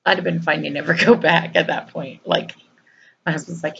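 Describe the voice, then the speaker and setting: A woman's voice: lowish voice, steady tone, normal speed, vocal fry, highs cut off, a little hiss or hum. A woman vlogger, earnestly telling a personal story in a conversational way with fillers and repeats.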